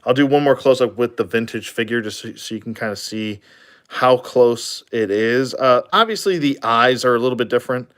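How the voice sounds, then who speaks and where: A man's voice: mid-range voice, normal speed, a bit bright. A man giving a casual, rambling toy review, with frequent fillers and chuckles.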